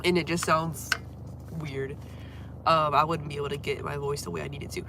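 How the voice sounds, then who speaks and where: Her voice sits low and stays level at a normal speed, with background noise in the recording. A young singer and livestreamer, she talks casually from home while fighting a cold, coughing, congested, and saying sorry for it.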